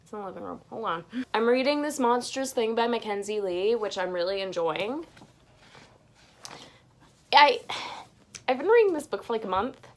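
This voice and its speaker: A woman's voice: a little high, expressive, normal speed, pauses often. A young woman answering viewer questions in a casual chat, rambling and gushing, with frequent restarts. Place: home bedroom.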